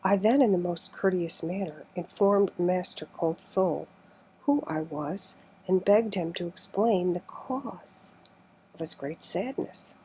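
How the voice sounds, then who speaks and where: A woman reads an old adventure book aloud at a slow, careful pace. Her voice sits a little low and sounds husky and breathy. Now and then she sinks almost to a whisper. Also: warm tone, rough recording. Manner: slow, careful reading, often drops to near whisper. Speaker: narrator. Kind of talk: audiobook reading.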